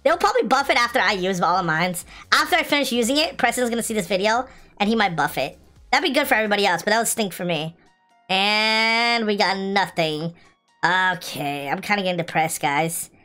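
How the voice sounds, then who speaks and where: With a medium-pitched voice and a quick pace, a young woman gives casual gameplay commentary for a gaming video. She begs excitedly for good loot, grumbles, then cheers, over light background music.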